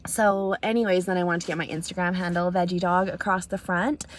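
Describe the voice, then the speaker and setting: Young Canadian woman, slightly low voice, earnest casual vlogger retelling a chat with plenty of ums. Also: steady tone, fairly quick, a little hiss or hum. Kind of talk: casual vlog storytelling. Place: outdoors in snow.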